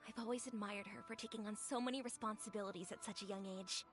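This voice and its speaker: A woman's voice: mid-range voice, steady tone, fast talker, faint music behind, close to an everyday voice. A woman voicing a friendly young village woman in a video game, speaking in a thoughtful, explanatory way. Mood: fond. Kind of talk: game cutscene dialogue.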